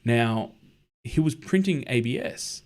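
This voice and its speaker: A man's voice: medium pitch, expressive, slow. A man hosting a casual livestream, chatting in a friendly way, answering viewer comments and telling anecdotes. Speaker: livestream host.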